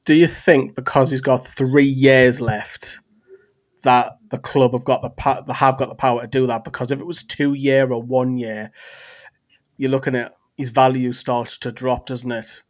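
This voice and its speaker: A man's voice: medium pitch, normal speed. A man hosting a casual fan livestream, steadily steering the chat and reading out news. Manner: steady, reads breaking news aloud from screen. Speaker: fan channel host.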